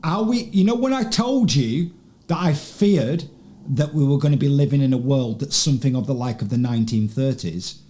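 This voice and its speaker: A man hosting political commentary, talking slowly and emphatically, repeating words for stress and asking rhetorical questions. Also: medium pitch, animated, dark tone. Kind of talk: slow deliberate commentary.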